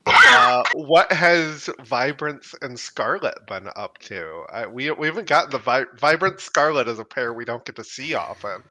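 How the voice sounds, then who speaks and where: Man, game master, tabletop game, very bright tone, lively pitch, casual asides. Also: normal speed, dry recording, low-quality recording.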